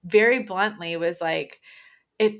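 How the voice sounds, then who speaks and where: A woman in casual conversation who reacts supportively and tells a short anecdote of her own. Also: mid-range voice. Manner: supportive listener, quick reactions, animated storytelling. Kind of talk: casual chat.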